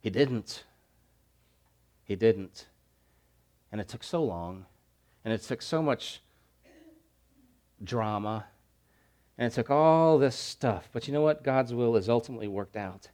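A man preaching a sermon, building to loud emphatic repeated phrases, then dropping to quiet, soft lines. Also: on the low side, a little slow, long pauses. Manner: preaching with swelling emphatic repetition and dramatic drops to quiet. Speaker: pastor.

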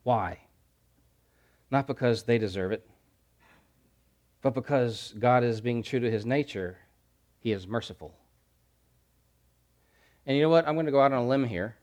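A man delivers a sermon from the pulpit, his mid-pitched voice swelling into loud, insistent repeated phrases. He then pulls back to hushed, slower lines for weight. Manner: preaching with swelling emphatic repetition and dramatic drops to quiet. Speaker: pastor.

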